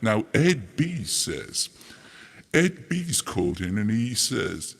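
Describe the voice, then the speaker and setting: A man hosting a casual demo of audio effects, his voice run through a harmonizer pitch effect, joking and rambling in a self-mocking way. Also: big pitch swings, slow, vocal fry, slightly rough. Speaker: host demonstrating audio effects.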